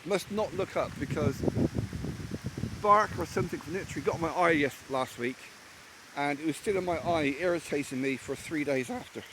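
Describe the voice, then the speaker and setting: A solo camper from England talks about his camp in a casual outdoor vlog, his fairly high voice moving at normal speed. He's blunt and swears freely as he rambles through the rainy woodland. Loud rain and other background noise come through on the recording.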